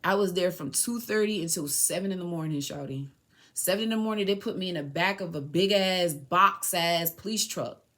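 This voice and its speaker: This young woman hosting a podcast has a fairly bright, lowish voice and keeps a moderate pace. Candid and slangy, she recounts a painful experience through remembered exchanges, her feelings surfacing until she's almost in tears.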